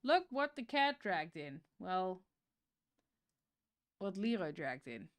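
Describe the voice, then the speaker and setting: Lively, unhurried woman streamer. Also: fairly low pitch. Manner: chatty, playful, swears casually while playing. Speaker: game streamer. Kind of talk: casual let's-play commentary.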